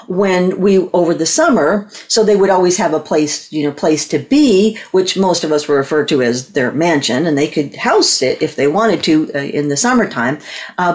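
A woman guest on a talk show telling a long story with lots of energy, acting out the voices of the people in it. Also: mid-range voice. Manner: lively, acts out voices in her story. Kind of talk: animated anecdote on a talk show.

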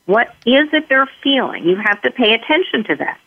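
Woman guest expert, calm step-by-step explainer, phone-line audio. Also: on the high side, moderate pace, husky, no echo. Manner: calm, explains in numbered steps, acts out sample dialogue. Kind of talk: interview answers. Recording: tinny phone-line sound.

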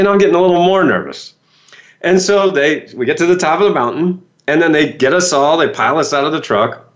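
A man's voice: a little high, a bit bright, highs cut off. A man, a motivational speaker, telling a story in a podcast talk and acting out his own frightened reactions.

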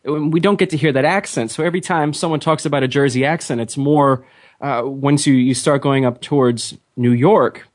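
A man's voice: mid-range voice, steady tone, normal speed. A man hosting an online radio interview show, talking casually and rambling with frequent laughs. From Philadelphia area. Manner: chatty, rambling, laughs often.

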